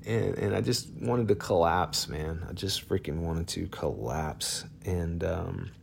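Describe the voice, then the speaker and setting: Deep gravelly man telling a personal story. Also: slight background noise. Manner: halting, many fillers and restarts. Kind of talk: personal story told casually.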